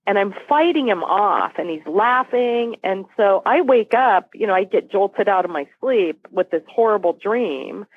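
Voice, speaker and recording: A woman's voice: medium pitch, lively intonation, a little slow, few pauses, dry recording. A woman guest retelling a personal story vividly, acting out what people said. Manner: vivid retelling, acts out dialogue. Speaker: podcast guest. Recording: phone-like dry line.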